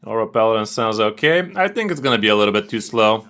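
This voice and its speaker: A man streaming a card game, with casual, excitable and profane commentary. His voice sits on the lower side, and he trash-talks his opponents. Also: fast.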